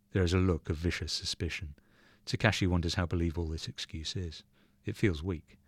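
Deep-voiced man reading a story. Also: steady tone, fairly quick, no echo. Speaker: reader. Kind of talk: reading a short story aloud.

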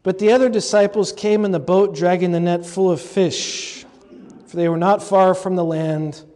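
A man with a rather high voice lectures on scripture in an easy, joking way, turning often to his listeners. His words ring out with a long reverb, recorded live in a large hall. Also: fairly even intonation, normal speed, darkish tone. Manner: conversational and humorous, with asides to the audience. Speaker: lecturer and podcast host.

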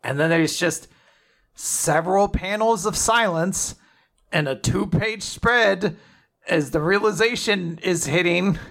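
A man recapping a story in casual chat, acting out characters' lines in quick put-on voices. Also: high-pitched, creaky, a bit bright. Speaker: podcast co-host recapping a manga chapter.

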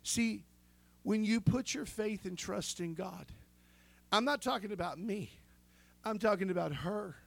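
A man's voice: sits high, a little slow, creaky, long pauses. A man preaching a sermon with fervor, breaking in with calls of amen and restarting his sentences as he tells a story. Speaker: pastor.

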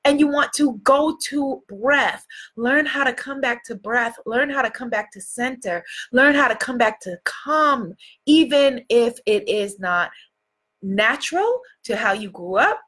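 A woman coaching viewers on a livestream, warm and encouraging, greeting them by name and repeating phrases for emphasis. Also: high voice. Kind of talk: live motivational coaching.

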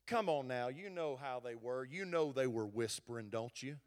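A man's voice: mid-range voice, expressive, normal speed. A middle-aged male pastor, preaching a sermon in an impassioned, exhorting manner. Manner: impassioned, building to loud exhortation.

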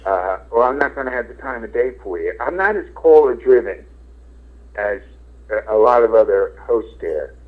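Frank Philly radio host on a tinny line. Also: male voice, mid-range voice, lively intonation, normal speed. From Philadelphia. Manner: rambling, frank, swears casually, many fillers. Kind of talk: casual interview talk. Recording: tinny phone-like radio sound.

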